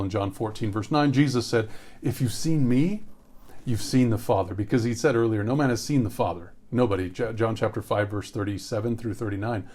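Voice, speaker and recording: A man of middle pitch teaches scripture verse by verse in a relaxed, conversational way. He reads the verses slowly and circles back over key phrases for emphasis. He speaks as a pastor guiding listeners through the text.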